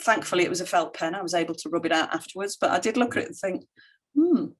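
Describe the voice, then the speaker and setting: A middle-aged woman giving a conference keynote with slides, telling stories in an animated way and quoting others in lively voices. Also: on the low side, racing. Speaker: keynote speaker.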